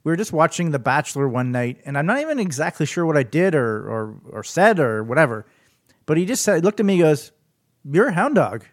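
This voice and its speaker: A man's voice: fairly high pitch, big pitch swings, quick pace, no room sound, clean studio sound. A man guest in casual chat, hesitant and often repeating words. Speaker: podcast guest.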